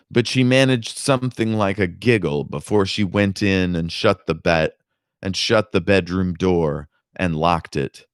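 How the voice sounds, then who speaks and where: A man reading a novel aloud as narrator, in a deliberate, measured way. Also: sits low, clean tone, no echo, clean studio sound. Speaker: podcast host reading a novel. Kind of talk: audiobook narration with commentary.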